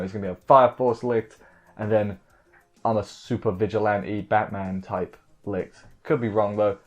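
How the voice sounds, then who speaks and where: A man giving a casual, rambling recap of an anime episode, full of fillers and self-corrections. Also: on the low side. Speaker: anime reviewer. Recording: dull lo-fi audio with faint music.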